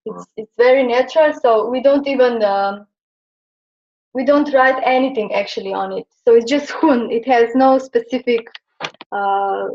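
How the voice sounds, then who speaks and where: A young Slovenian woman with a slightly high, darkish voice teaches Chinese pronunciation in a classroom. She explains hesitantly, using many fillers, captured on a dull lo-fi classroom recording.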